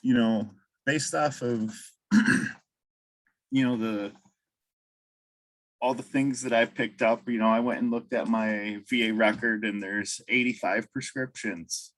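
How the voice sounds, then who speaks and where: A man, a veteran speaking at a roundtable in a halting way full of fillers. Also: mid-range voice, fairly even intonation, fairly bright tone, rough recording. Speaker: veteran, council member. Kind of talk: casual roundtable chat.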